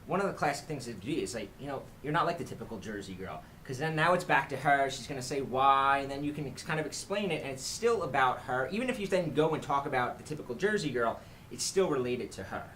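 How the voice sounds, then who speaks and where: A man's voice: mid-range voice, lively intonation, quick pace, a bit bright, slight background noise, low-quality recording. A man hosting a casual dating-advice chat, rambling, restarting, and asking his guest questions. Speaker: dating coach host.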